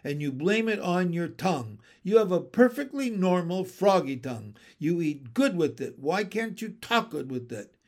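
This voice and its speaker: A man's voice: high-pitched, sing-song, normal speed, few pauses, darkish tone. A man voicing an exasperated female frog, fussing and scolding her mate. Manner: fussy, scolding complaints. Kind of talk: storybook read-aloud.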